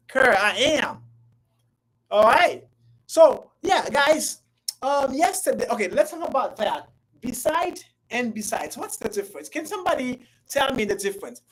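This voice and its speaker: A woman with a fairly high voice teaches English in a live class. She coaxes her students and repeats her questions. Her delivery is playful and lively, and her volume rises and falls. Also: low-quality recording. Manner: playful, coaxing, repeats herself often; lively, swings between loud and soft. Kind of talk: live online language class.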